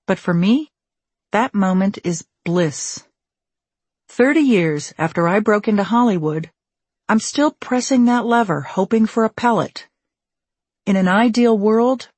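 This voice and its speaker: A woman narrating a memoir audiobook in a measured, wry storytelling manner, recorded on a studio microphone. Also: medium pitch, a little mellow, slightly rough, no room sound.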